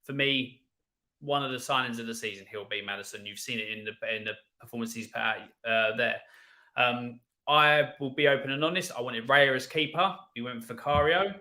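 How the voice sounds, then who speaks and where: A man with a bright, forward voice talks through his club's signings on a casual football stream. He is frank and opinionated, stumbling over repeated words as he builds each point. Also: mid-range voice, fairly quick. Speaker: panel guest, Spurs fan.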